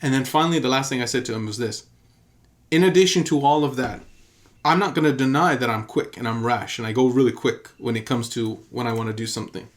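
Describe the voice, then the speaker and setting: A man's voice: mid-range voice, fast. A man, a pastor, teaching in an earnest and emphatic sermon style, telling a story and repeating key phrases for emphasis.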